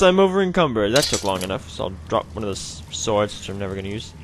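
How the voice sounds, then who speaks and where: A man's voice: medium pitch, normal speed, a bit bright, slight background noise. A man hosting a video game let's play, talking through it in a chatty, rambling, self-mocking way. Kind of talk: casual gameplay commentary.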